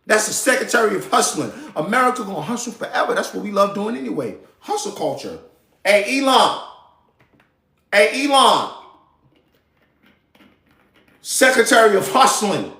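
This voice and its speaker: A man's voice: high voice, sing-song, quick pace, vocal fry, few pauses, pushed and bright, roomy sound. A man hosting a live show, ranting about politics in a heated, slangy, profane way. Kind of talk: casual political rant.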